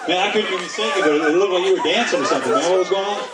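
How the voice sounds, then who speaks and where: A man runs a stage hypnosis show, his voice a touch high and caught from a distance by the camera. He banters playfully with volunteers, then slows into soothing countdowns, while an echoey space and a laughing crowd surround him. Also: heavy background noise. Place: outdoors in a yard at night.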